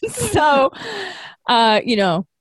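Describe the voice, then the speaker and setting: A woman with a fairly high, very lively voice retells an episode on a casual podcast. She sounds animated and playful as she tells it, and the recording is dry and close. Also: extremely slow, no echo. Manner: animated storyteller, acts out characters' lines. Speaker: podcast co-host.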